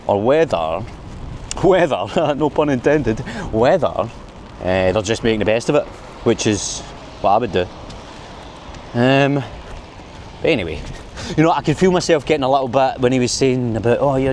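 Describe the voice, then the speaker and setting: Strolling through the city at night for his casual vlog, this Scottish man with a Glaswegian accent rambles chattily and laughs at his own jokes. He speaks at a normal speed in an animated, mid-range voice with a darkish tone, over slight background noise.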